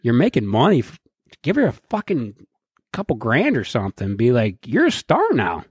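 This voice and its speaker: A male podcast host in loose, profane banter, his pitch bouncing up and down as he acts out quotes. He sounds close and dry on a studio mic, with no room around him. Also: huge pitch swings, moderate pace, breathy edge, dry recording.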